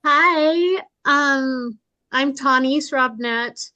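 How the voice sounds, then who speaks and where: A woman in her forties from St. Louis, a playwright, introducing herself in a measured way. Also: sits high, sharp tone, dry recording, lo-fi sound. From St. Louis, Missouri, USA. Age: 40s. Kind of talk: casual roundtable introduction.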